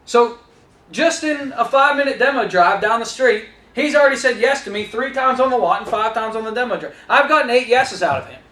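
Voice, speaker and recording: A man with a very high, bright voice coaches salespeople, talking straight to his trainees and acting out his own lines to customers. The talk sounds energetic, and his voice rings in an echoey room. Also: brisk. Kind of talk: instructional talk with acted-out dialogue.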